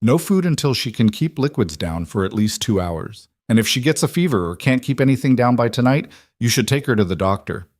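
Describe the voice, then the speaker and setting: A man's voice: medium pitch, expressive, fairly quick, hardly any pauses, no echo, lightly acted. A composed young nurse who speaks plainly and reassuringly, as a man reads her lines. She sounds matter-of-fact and firm in a dry, close storybook recording. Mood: concerned, practical. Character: calm, practical young woman nurse. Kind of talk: scripted story reading.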